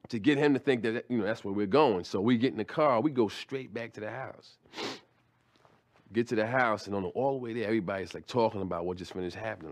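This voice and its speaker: A man's voice: lowish voice, a little fast, darkish tone. A middle-aged man doing stand-up, telling a story in a loose, conversational way with slang and restarts. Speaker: stand-up comedian.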